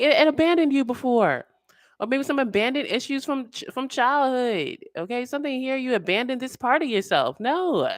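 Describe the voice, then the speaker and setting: A woman giving a casual tarot reading in an animated way, full of slang, acting out the voices she quotes. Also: medium pitch, no room sound, clean studio sound. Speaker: tarot reader.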